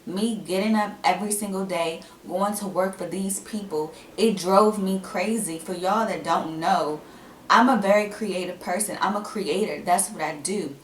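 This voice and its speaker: A young woman, talking candidly to camera at home in a chatty, animated way. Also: medium pitch, normal speed, a little hiss or hum. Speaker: vlogger. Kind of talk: casual vlog talk to camera. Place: at home indoors. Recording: echoey room, mic at a distance.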